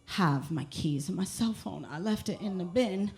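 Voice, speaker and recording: A woman's voice: on the low side, normal speed, vocal fry, darkish tone. A woman comedian telling rambling, profane stories on a comedy club stage, restarting sentences and acting out dialogue. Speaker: stand-up comedian. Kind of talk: stand-up storytelling.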